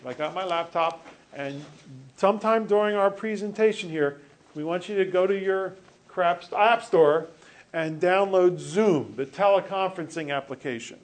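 A man's voice: high-pitched, normal speed. A male teacher giving a classroom lecture, joking with students and correcting himself as he rambles.

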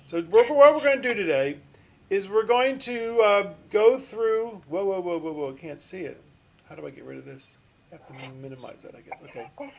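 A high-voiced middle-aged man lectures to an online class through his computer mic. He talks chattily and rambles, trailing off into fillers and restarting his sentences. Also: animated, normal speed, creaky. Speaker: finance professor. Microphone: computer mic on a video call.

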